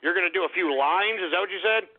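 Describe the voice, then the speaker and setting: A man from Texas hosting a call-in radio show, loud and blustering, trading insults with callers. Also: high voice, fast, a little hiss or hum. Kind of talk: brash call-in radio banter. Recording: phone-like lo-fi radio broadcast.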